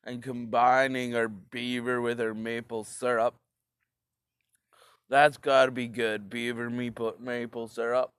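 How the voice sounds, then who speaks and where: A man riffs through a crude, rambling comedy rant, swearing freely. He talks slowly in a smooth, clear voice. The sound is close and dry. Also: medium pitch, flat delivery, a bit bright, no echo. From Canada.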